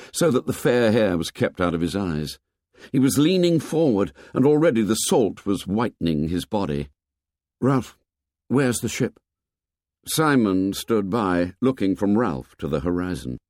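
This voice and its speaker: A man narrating a novel in a measured, expressive storytelling manner. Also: lowish voice, no echo, clean studio sound. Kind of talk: audiobook narration.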